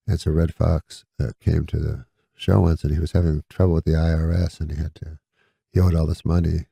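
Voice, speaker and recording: Deep, gravelly deadpan storyteller man. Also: a little fast, dry recording, clean studio sound. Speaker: guest comedian. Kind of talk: casual anecdote in an interview.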